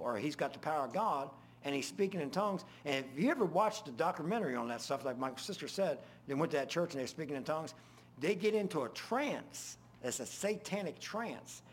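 Older man, preacher, folksy stories, loud then hushed, faint background noise. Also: on the high side. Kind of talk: informal sermon.

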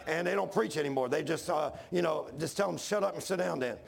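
A man's voice: fairly high pitch, fast, vocal fry. A man preaching a sermon in a folksy style, building to fervent intensity.

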